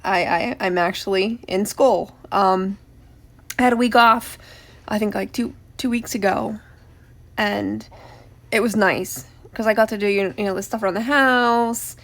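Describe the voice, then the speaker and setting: A woman's voice: mid-range voice, fairly even intonation, unhurried, a bit bright. A middle-aged woman hosting a casual craft live stream, greeting viewers by name and laughing often between remarks.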